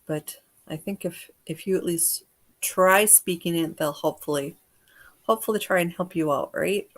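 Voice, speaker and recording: A chatty American woman runs a casual livestream, greeting viewers by name and talking them through the session. Her voice sits a little low for a woman. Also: moderate pace. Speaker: energy healer hosting a livestream.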